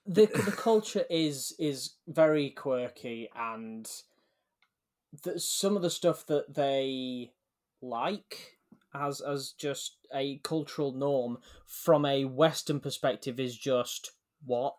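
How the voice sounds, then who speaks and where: A man's voice: mid-range voice, slow pace, a little mellow. A man co-hosting a podcast, blunt and wry in casual chat, often restarting his sentences. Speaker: podcast co-host.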